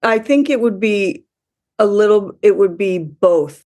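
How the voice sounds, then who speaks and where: A woman from the US speaking as a podcast guest, emotional and halting, often restarting her sentences. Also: mid-range voice, lively intonation, darkish tone. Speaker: interview guest. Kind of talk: conversational interview.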